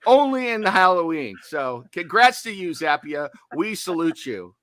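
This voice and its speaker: A man's voice: on the high side, big pitch swings, moderate pace, fairly bright tone, dry recording. A man co-hosting a horror movie podcast, chatting casually with jokey, self-deprecating asides. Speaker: podcast co-host.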